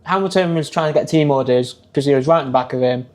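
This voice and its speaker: A man's voice: on the high side, quick pace, darkish tone. Dry-humoured man, podcast guest. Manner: detailed, matter-of-fact recounting with dry humour. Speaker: guest, motorsport news editor. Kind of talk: casual chat.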